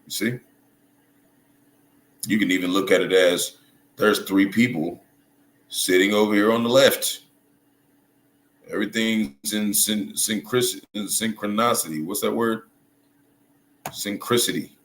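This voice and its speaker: Deep-voiced man, halting echoey commentary. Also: steady tone. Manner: halting, restarts and hunts for words, checks in with "right?" and "you see?". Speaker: religious commentator. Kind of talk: casual video commentary. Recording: echoey room with faint noise.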